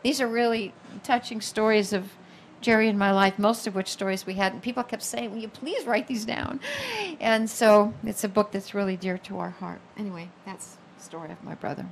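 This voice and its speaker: A woman in her fifties, an author telling a personal story in an animated, expressive way, acting out the voices of people she quotes. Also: medium pitch, moderate pace, slight background noise. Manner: expressive, acts out quoted voices, many fillers.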